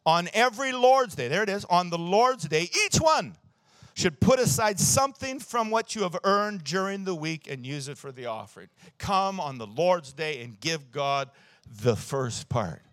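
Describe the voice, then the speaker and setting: A man's voice: high-pitched, expressive, normal speed, a bit bright, no echo, studio quality. A man around sixty, preaching a sermon in church and telling stories with emphasis, often chuckling at his own jokes. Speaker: pastor.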